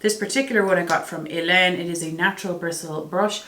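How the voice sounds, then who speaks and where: A woman's voice: on the low side, fairly even intonation, fast talker, a bit bright, reverberant. A woman reviewing her makeup products in a chatty, self-deprecating way. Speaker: beauty vlogger. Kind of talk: casual product review vlog.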